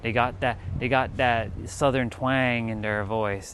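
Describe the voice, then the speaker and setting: Guy from cali chatting on a livestream while doing pushups and burpees, mid pitch, bit of traffic noise faint behind. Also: fairly even intonation, measured pace, fairly bright tone. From California. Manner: chatty, counting reps between breaths. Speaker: livestream host. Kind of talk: casual livestream chat while exercising. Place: outdoors in hot weather.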